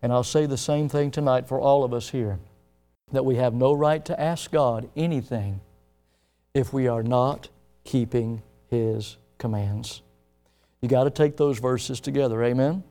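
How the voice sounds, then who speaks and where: A pastor preaching a sermon, building to loud, emphatic questions and dropping low when he retells a story. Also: measured pace, faint music behind.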